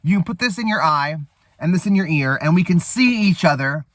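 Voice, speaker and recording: Man impersonating an earnest spy sidekick, mild drawl, lively, rising and falling. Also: on the high side, moderate pace, no room sound, pitched above the performer's own voice. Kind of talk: comic movie-recap impression.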